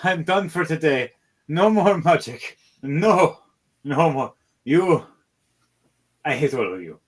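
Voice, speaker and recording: A man puts on a fed-up wizard for a tabletop game, his voice jumping well above his own into a strained, high pitch. The wizard rants and laughs in the same breath, done with everyone around him. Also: expressive, slow, breathy edge, heavily acted. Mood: exasperated. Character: exasperated male wizard fed up with his team.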